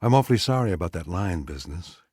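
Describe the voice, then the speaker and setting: A man's voice: deep voice, animated, fast, darkish tone, husky, no echo, clean studio sound. A man reading a story aloud, voicing an anxious young American husband who pleads and apologizes. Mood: apologetic. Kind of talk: audiobook character reading.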